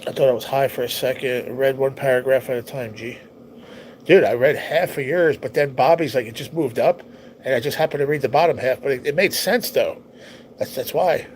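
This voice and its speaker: A man's voice: mid-range voice, fairly quick, darkish tone, a little hiss or hum, poor audio. A man hosting a casual livestream, chatting in an easygoing, rambling way and reading viewer comments aloud, his nose stuffy and his voice tiring. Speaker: livestream host.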